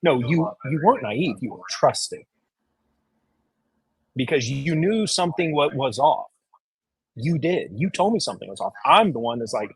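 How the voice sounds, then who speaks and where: A man's voice: mid-range voice, very animated, moderate pace, long pauses, slightly rough, no echo, poor audio. A man talking as a guest on a livestream, blunt and profane, retelling stories with animation. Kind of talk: casual livestream chat.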